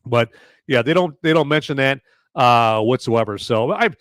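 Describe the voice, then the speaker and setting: Reviewing a movie on his live-stream podcast, a man rambles casually, repeats words, and ends his points with "okay?", thanking viewers by name for their donations. His medium-pitched voice is lively in intonation, slightly bright, and delivered at a normal speed. The recording is studio quality with no room sound.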